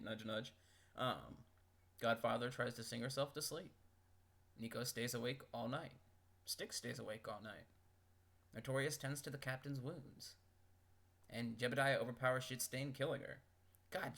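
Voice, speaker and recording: A man's voice: mid-range voice, vocal fry, fairly bright tone. A man reading out game events and making wry, joking comments between them, as a video host. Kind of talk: casual commentary.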